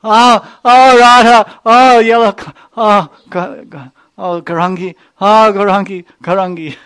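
A man's voice: medium pitch, steady tone, unhurried, gravelly, pitched above the performer's own voice. A man doing a sobbing lovesick boy. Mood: wailing. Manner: anguished wailing cries. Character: boy divine cowherd sobbing with longing.

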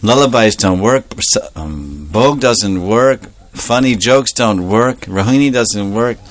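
A man telling a devotional story as a sermon, animated and playful, laughing often and adding joking asides. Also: on the low side, takes it slowly.

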